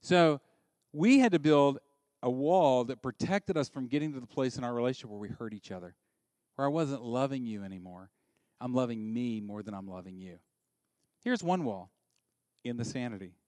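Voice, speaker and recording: A middle-aged man preaching a sermon, swinging from soft asides to loud, emphatic peaks. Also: medium pitch, lively intonation, normal speed, no room sound. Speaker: pastor.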